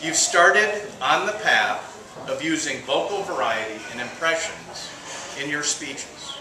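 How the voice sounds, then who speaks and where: A man giving a lively, jokey contest speech, leading the audience in call-and-response, heard from far off in an echoey meeting room. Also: fairly high pitch, slow pace, noisy background.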